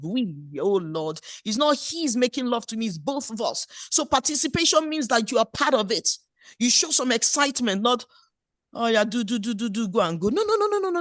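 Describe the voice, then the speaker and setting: Middle-aged woman pastor, high voice, dry close sound, playful and exhorting. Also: fairly bright tone, dry recording. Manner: playful, exhorting preacher who acts out little scenes. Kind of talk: sermon.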